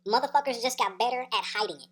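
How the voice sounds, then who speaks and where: A woman with a fairly high voice spins a personal story time tale in loose, profane slang. She keeps checking in with "right?" and breaks into laughs between beats. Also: fast talker. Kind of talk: casual story time monologue.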